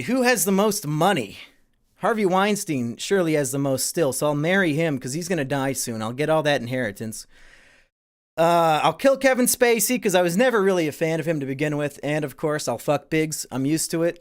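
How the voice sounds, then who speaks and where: A man's voice: fairly high pitch, expressive, brisk. A man streaming live and answering viewer questions in a crude, profane and sarcastic way. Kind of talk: casual livestream Q&A.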